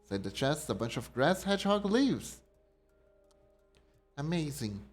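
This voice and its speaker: A man doing a high squeaky mouse creature. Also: very animated, a little slow, slightly rough, faint music behind, heavily acted. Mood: squeaky polite. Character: small squeaking mouse-like creature, polite and timid. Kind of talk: reading game dialogue aloud in character.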